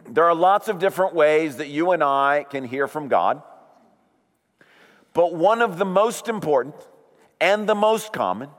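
A man preaching a sermon as pastor, slow and deliberate, leaning on key words. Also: on the high side, lively intonation. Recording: long hall reverb.

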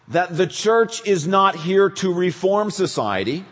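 A male pastor preaching a sermon, animated, acting out questions in quick bursts. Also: high-pitched. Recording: reverberant church hall.

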